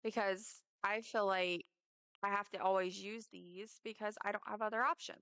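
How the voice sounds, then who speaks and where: A woman's voice: mid-range voice, steady tone, moderate pace, sharp tone, clean tone. A young woman, rambling casually and joking at herself while she streams a game. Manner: chatty, rambling, self-mocking asides. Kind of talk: casual live-stream chat while gaming.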